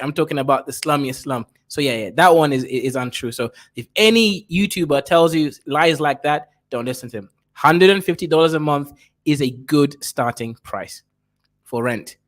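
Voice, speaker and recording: A man giving blunt, crude reaction commentary who keeps tagging his points with a question. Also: on the high side.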